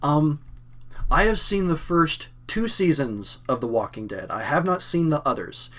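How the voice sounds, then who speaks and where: A man's voice: a little high, animated, a little slow, a bit bright. A young man from Kentucky with a faint Southern accent, hosting a casual live-stream Q&A, rambling with lots of fillers and self-corrections. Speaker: channel host.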